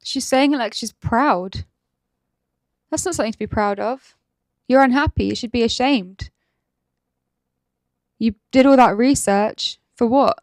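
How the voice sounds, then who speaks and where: A woman host comments on a clip, firing one critical rhetorical question after another. Her voice sits a little high. The recording is dry and close, with no room sound. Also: a little slow, pauses often, darkish tone, dry recording. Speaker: host reacting to clips. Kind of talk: reaction commentary.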